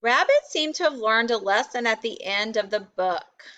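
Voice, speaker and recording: A woman's voice: on the high side, lively intonation, moderate pace, a bit bright. A woman teacher doing an interactive read-aloud lesson for children, stopping to ask them questions. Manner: addresses children, asks questions.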